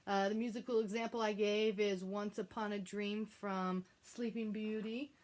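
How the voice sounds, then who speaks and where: A woman's voice: mid-range voice, flat delivery, moderate pace, a little mellow. A young woman teaching a remote music lesson to children, chatty and playful, coaxing the class to repeat words along with her.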